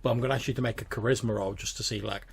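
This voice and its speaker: A man's voice: mid-range voice, fairly even intonation, rapid-fire, creaky, noisy background. A man narrating as game master of a tabletop role-playing game, casual and full of fillers. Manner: casual, filler-heavy, says like a lot.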